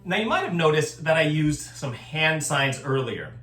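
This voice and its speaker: A man's voice: a little high, very animated, normal speed, echoey room, over loud music. A man teaching a recorded choir lesson, explaining things patiently and step by step. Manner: patient, step-by-step instruction with sung examples.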